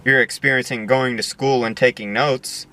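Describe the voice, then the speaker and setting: Bright-voiced young man musing earnestly. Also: medium pitch, fairly even intonation, moderate pace. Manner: earnest, repeats words while searching for them. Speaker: video essayist. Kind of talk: casual monologue.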